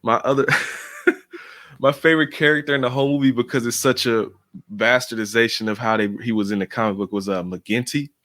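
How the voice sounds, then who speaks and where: A man appearing as a podcast guest, chatting casually, excitable and profane, laughing often. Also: mid-range voice, a little fast, no echo, clean studio sound.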